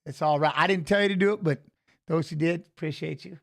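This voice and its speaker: High-voiced chatty male stream host. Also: quick pace, creaky, a bit bright. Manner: chatty, greets viewers by name, peppers talk with "you know what I'm saying". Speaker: livestream host. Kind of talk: casual live-stream chat.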